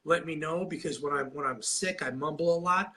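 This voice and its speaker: A man's voice: on the high side, a little fast, sharp tone, slight background noise. A man fighting a cold, a little nasal, coaching on anxiety in a live video and talking in a rambling, repetitive way with many restarts. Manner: rambling, repeats and restarts a lot; demonstrates breathing while talking.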